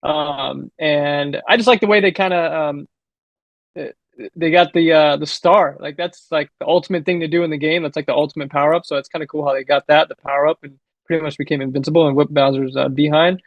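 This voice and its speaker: Man, co-host, laid-back casual talk, slightly high voice, muffled dry recording. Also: steady tone, a little fast, no room sound. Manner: laid-back, says dude a lot. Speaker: podcast co-host. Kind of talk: casual chat.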